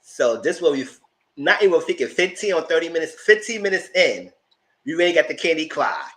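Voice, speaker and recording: A man giving a casual live recap of a reality episode. His voice rises and falls a lot as he retells scenes. He laughs easily and talks loosely. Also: brisk. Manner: animated, laughs a lot, acts out quotes in a high voice. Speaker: show reviewer.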